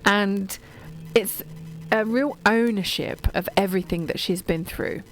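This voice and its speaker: A woman's voice: medium pitch, a little slow, poor audio. A middle-aged English woman chatting on radio about books, gushing and digressive, with lots of ums and restarts. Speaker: radio show guest or presenter talking books.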